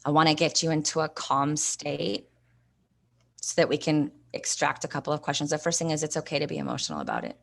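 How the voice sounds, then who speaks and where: Low gravelly woman coaching live online. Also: animated, a little fast, fairly bright tone. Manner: encouraging, coaching, reads viewer comments aloud. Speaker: host and investing coach. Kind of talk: live online training session.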